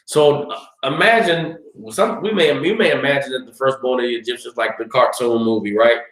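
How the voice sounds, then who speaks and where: A man teaching a scripture class, telling the story in a lively way and acting out screams and cries. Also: mid-range voice, a little fast, roomy sound, low-quality recording. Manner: animated storytelling, acts out screams.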